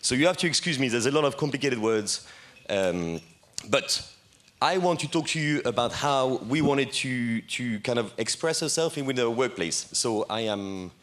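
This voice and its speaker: A French-accented bar owner from France, in his thirties, gives a relaxed, self-mocking talk on a conference stage, stumbling through fillers and restarts. He has an animated, slightly bright medium-pitched voice at a moderate pace.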